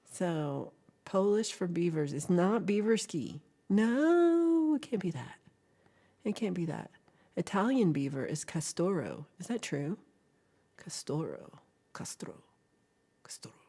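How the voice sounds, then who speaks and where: This livestream host has a low, gravelly, slightly rough voice with a warm tone. Playful and giggly, she chats casually with her viewers and now and then drops into a whisper.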